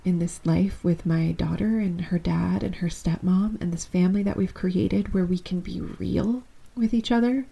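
A woman's voice: on the low side, steady tone, moderate pace, gravelly, warm tone, slightly rough, lo-fi sound. A woman in her thirties hosting a solo podcast, talking candidly and affectionately straight to her listeners. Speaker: podcast host.

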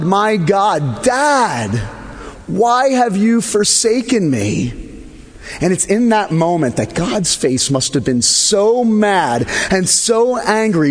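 Male pastor, children's sermon; gently playful, lively pitch, husky, church echo. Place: church sanctuary.

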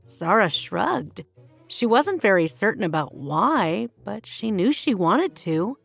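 A woman's voice: mid-range voice, very animated, slow pace, creaky, husky, soft background music. A woman reading a children's storybook aloud, with playful asides to the listener. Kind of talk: scripted storybook narration.

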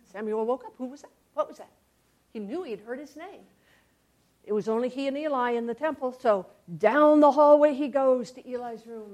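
A woman storyteller telling a tale for all ages, expressive and shifting from loud to hushed with dramatic pauses. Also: sits high.

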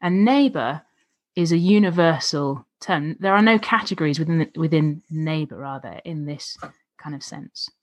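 A woman's voice: deep voice, lively intonation, moderate pace. A woman co-hosting a casual Bible study discussion, thoughtful and affirming, often checking in with tag questions. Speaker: co-host discussing a Bible passage.

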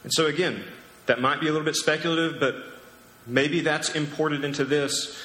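A man's voice: a little high, a little fast, sharp tone, slight background noise. A man preaching a sermon as pastor, casual and conversational with joking asides. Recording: echoey hall with long reverb.

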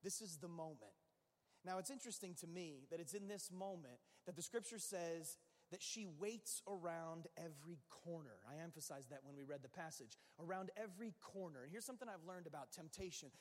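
High-voiced pastor preaching in a reverberant hall. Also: male voice, brisk. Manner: animated, acts out quoted inner voices, repeats phrases for emphasis. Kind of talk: sermon. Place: church sanctuary. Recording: long reverb of a large hall.

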